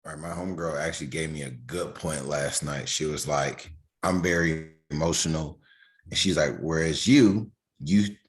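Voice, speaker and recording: A man's voice: rumbling low, moderate pace. A man co-hosting a casual podcast, retelling conversations and quoting what others told him. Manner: storytelling, relays friends' words in quoted dialogue. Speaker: podcast co-host.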